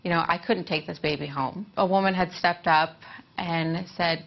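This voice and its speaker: A woman telling her own story as a former surrogate, emotional and halting at times. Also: lowish voice, fairly even intonation, creaky. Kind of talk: personal testimony. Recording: dull muffled audio.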